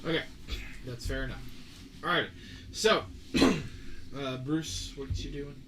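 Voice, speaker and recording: A man narrating as game master for a tabletop game, relaxed and chatty, laughing easily. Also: medium pitch, slow pace, a little hiss or hum, low-quality recording.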